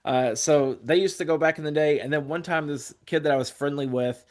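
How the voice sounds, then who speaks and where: Man, forties, podcast guest, casual storytelling, profane, rambling, slightly high voice. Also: a little fast. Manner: profane, rambling, acts out quotes.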